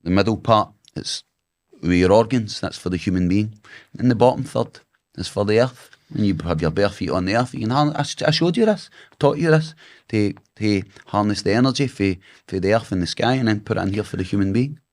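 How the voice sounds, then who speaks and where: Deep-voiced man telling a story. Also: fairly quick, a little mellow. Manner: swearing, vivid anecdotes with acted dialogue. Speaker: guest. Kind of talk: storytelling in casual chat.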